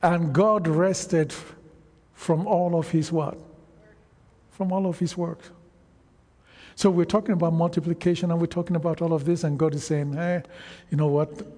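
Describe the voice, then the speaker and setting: Slightly higher than most men's but husky and dark, the preacher's voice holds a steady tone as he works through his sermon slowly and emphatically. He draws out his phrases and often pauses for the congregation's replies, all carried on the long reverb of a large hall.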